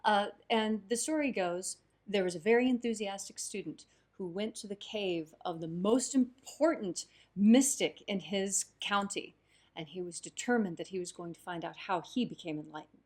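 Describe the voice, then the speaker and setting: A woman co-hosting a livestream, chatting and telling a parable in a lively way. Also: medium pitch, normal speed. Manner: affirming, animated storyteller. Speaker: co-host. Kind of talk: conversational teaching and storytelling.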